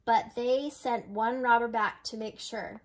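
An older woman reading a storybook aloud to children, gentle and unhurried, slowing on dramatic phrases. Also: fairly high pitch, steady tone, a little hiss or hum. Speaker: storybook reader.

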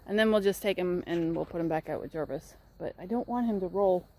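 Filming outdoors on a handheld camera, a woman who runs a horse rescue farm chats through a casual vlog while coaxing her horses in a high sing-song voice. She speaks a little fast, with a warm tone.

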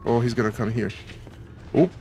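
A man's voice: medium pitch, moderate pace, warm tone, a little hiss or hum. A man commenting on his own horror game playthrough, playful and jumpy, talking to himself as he sneaks around. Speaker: gaming YouTuber. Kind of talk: let's play commentary.

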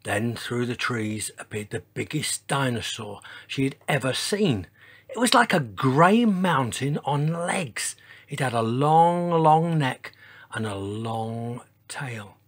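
A man reading a children's dinosaur story aloud, with dramatic sound words and expressive pacing. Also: mid-range voice, takes it slowly, breathy edge.

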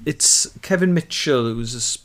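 A man with a Welsh Carmarthen accent chats on a comedy podcast, talking over a video call link. He sounds enthusiastic and playful and laughs easily, with a voice of middling pitch. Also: animated, moderate pace. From Wales. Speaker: co-host. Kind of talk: comic podcast banter.

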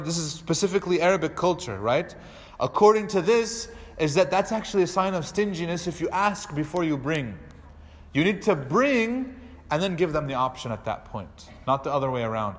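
Animated imam in a reverberant hall. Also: male voice, fairly high pitch. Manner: animated storytelling with acted-out dialogue. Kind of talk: lecture. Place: mosque hall.

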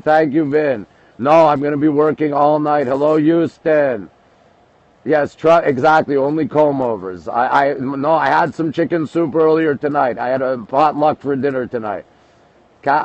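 A man's voice: medium pitch, darkish tone, no room sound. A man from Canada hosting a casual late-night livestream from a rooftop, chatting with viewers and answering their comments. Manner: chatty, answers viewers one after another. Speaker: livestream host. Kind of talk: casual live-stream chat reading comments. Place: rooftop outdoors at night in the city. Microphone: phone. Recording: dull lo-fi phone audio.

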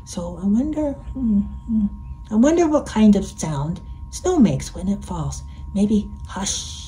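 Woman storyteller for kids, slow, mellow, playful, sing-song. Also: medium pitch, sing-song, a little hiss or hum, poor audio. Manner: gentle and playful, inviting the listener. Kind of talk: reading a picture book to children.

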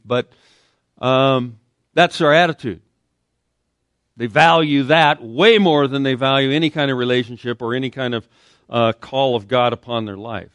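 A man delivers a sermon in a relaxed, conversational way, often pausing on fillers. His voice sits at an ordinary pitch. The recording is dry, with little room sound. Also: dry recording. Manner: conversational preaching with fillers and acted quotes. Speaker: pastor. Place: church sanctuary.

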